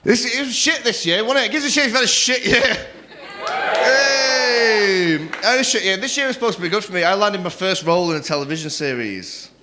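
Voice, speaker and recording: A young man doing a crude, cheeky stand-up set on a comedy club stage, acting out other people in quick quoted voices. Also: high-pitched, noisy background. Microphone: stage microphone.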